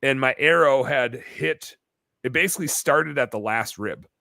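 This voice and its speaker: A man telling a long story as a podcast guest, animated and full of fillers in casual chat. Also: medium pitch, normal speed, creaky, dry recording. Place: bar-themed podcast set.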